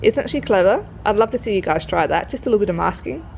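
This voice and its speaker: A woman's voice: mid-range voice, lively intonation, fast, gravelly, darkish tone, a little hiss or hum, rough recording. Chatty Australian woman, feeling sick. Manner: chatty, gushing, lots of fillers. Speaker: craft shop presenter. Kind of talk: casual product walkthrough. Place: work premises.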